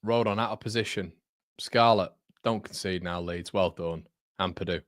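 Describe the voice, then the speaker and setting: A young man hosting a live football watchalong, chatty and excitable, jumping from loud outbursts to muttering. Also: low voice, normal speed, no room sound, clean studio sound. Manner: excitable, chatty, swings between shouting and muttering. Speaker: watchalong host. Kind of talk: live match watchalong commentary.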